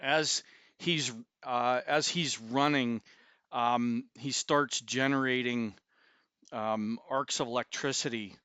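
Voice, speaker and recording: Slow, smooth-voiced man at a game table. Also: mid-range voice, fairly even intonation, pushed and bright, dry recording. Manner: slow, measured describing of his character's actions. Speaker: player.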